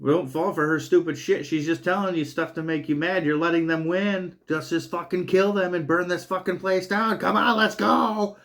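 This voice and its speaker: A man doing an angry young woman yelling. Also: high voice, steady tone, moderate pace, hardly any pauses, pitched above the performer's own voice. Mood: angry urging. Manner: yelling, insistent.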